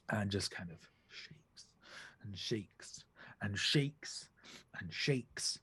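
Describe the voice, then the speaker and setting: A man narrating a tabletop game as game master in a playful, animated way. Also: on the low side, slow pace, slightly rough.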